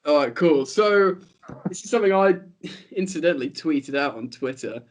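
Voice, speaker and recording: A man's voice: a little high, normal speed, slight background noise. A man chatting casually on a remote football podcast call, rambling with lots of fillers. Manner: rambling, animated, many fillers. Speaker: podcast guest. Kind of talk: casual online football chat.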